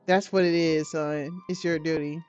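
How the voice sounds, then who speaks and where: A woman's voice: low-pitched, steady tone, moderate pace, darkish tone, dry recording, faint music behind, pitched below the performer's own voice, close to an everyday voice. A woman voicing a stern, wealthy older father who scolds coldly, on a dull lo-fi recording. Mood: scornful. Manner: cold, scolding, lecturing.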